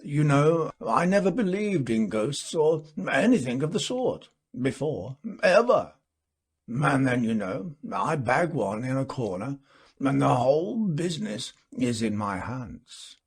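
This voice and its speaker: Man doing a hesitant storybook gentleman, slow, husky. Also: mid-range voice, big pitch swings, full character voice. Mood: musing. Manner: musing, hesitant with many uh fillers. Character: earnest gentleman telling a ghost tale. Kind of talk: storybook reading.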